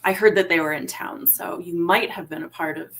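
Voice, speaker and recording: A woman's voice: lowish voice, fairly even intonation, brisk, a bit bright. A woman playing a tabletop game, politely and tentatively explaining what her character does. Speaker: player. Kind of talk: tabletop role-play chat.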